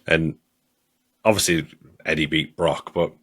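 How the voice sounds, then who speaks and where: A man co-hosting a podcast, chatting casually and excitably, swearing and laughing often. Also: very deep voice, a little slow. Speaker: podcast co-host. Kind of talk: casual chat.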